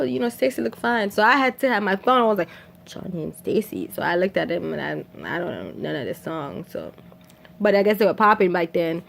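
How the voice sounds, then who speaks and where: A woman from Haiti gives a loose, chatty storytelling recap of a film, animated and laughing often. She acts out characters' lines, whispering some and shrieking others in a high voice. Her voice is gravelly, with a little hiss or hum.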